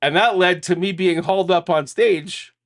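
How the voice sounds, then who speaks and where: A man's voice: high-pitched, moderate pace, fairly bright tone. A middle-aged man co-hosting a casual chat, telling a long self-deprecating story full of restarts. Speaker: podcast co-host.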